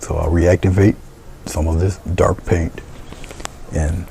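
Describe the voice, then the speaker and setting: A deep-voiced man with a gravelly edge walks viewers through a painting, calm and encouraging. His words often sink into soft, half-whispered murmurs as he works, over a faint hum of room noise. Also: slow. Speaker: painting instructor. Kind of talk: step-by-step painting tutorial.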